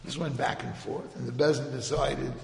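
A man telling a religious tale to a gathering in a lively, conversational way, acting out the voices of the people in his story. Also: medium pitch, moderate pace, gravelly, very noisy. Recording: roomy hall with long reverb.

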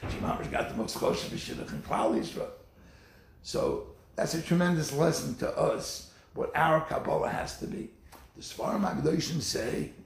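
A man's voice: medium pitch, vocal fry, roomy sound, a little hiss or hum. A man giving a sermon, telling stories and acting out the quotes. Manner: animated storytelling with acted quotes. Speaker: rabbi.

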